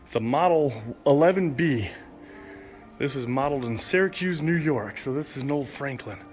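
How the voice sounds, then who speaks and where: A man's voice: medium pitch, animated, moderate pace, darkish tone, soft background music. A man casually narrating a walk through a car museum, enthusiastically reading exhibit signs aloud and sometimes stumbling over names. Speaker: vlogger touring a car museum. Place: indoor car museum hall.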